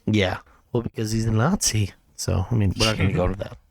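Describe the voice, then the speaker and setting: A man's voice: fairly low pitch, steady tone, quick pace, creaky, noisy background. A man co-hosting a podcast, chatting casually in a blunt, profane way. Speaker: podcast co-host. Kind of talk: casual chat.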